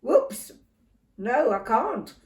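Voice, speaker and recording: A woman's voice: a little high, big pitch swings, drawn-out words, darkish tone, reverberant, distant mic, voice pushed up, heavily acted. An older woman reading a storybook, voicing a mischievous scheming schoolboy in a sly, gleeful way.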